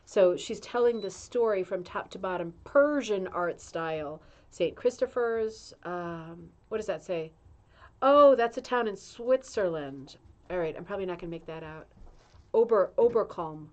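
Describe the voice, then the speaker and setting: A woman's voice: mid-range voice, animated, measured pace, darkish tone. A middle-aged woman hosting a casual livestream, reading a magazine aloud with chatty asides, in an indoor room. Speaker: show host reading a magazine. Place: indoor room with a humming heater.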